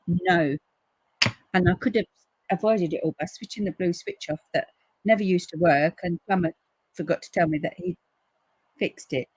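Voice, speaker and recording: A woman hosting a live crafting stream, chatting casually and acting out quotes in a lively way. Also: husky, dry recording, rough recording. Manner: chatty storyteller, acts out quotes with big pitch jumps. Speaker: crafting livestream host. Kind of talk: casual chat to live viewers.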